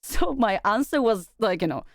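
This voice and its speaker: In this clip, a young woman banters with viewers on her stream, laughing often, swearing for effect, and dropping quick Japanese phrases into her lively chatter. She speaks at a medium pitch, expressively, and the studio sound is clean without echo.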